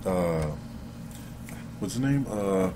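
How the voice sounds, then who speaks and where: A man's voice: low-pitched, lively intonation, slow, noisy background. A man co-hosting a casual sports podcast. He hesitates and searches for his words. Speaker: podcast co-host.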